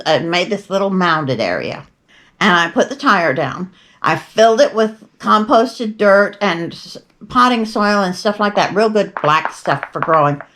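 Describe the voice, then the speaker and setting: A podcast host, an older woman, rambles casually through her stories, drifting into digressions and dropping wry asides. She has a medium-pitched voice with a sharp tone.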